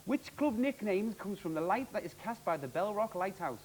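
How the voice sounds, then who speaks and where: Upbeat, lively, high-voiced male quiz host. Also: slight background noise, low-quality recording. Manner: jokey, upbeat, quick quizmaster delivery. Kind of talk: televised quiz hosting.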